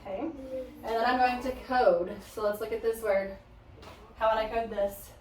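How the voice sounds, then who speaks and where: A woman's voice: a little high, steady tone, normal speed, a little mellow, a little hiss or hum. Woman teacher, echoey classroom. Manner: patient, prompting, instructional. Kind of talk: classroom phonics lesson. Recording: echoey room, from a distance.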